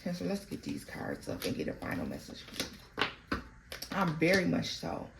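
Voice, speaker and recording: A woman giving a tarot card reading in a blunt, profane way, swinging between loud outbursts and quiet murmurs. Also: lowish voice, huge pitch swings, normal speed, vocal fry, noisy background. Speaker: tarot reader.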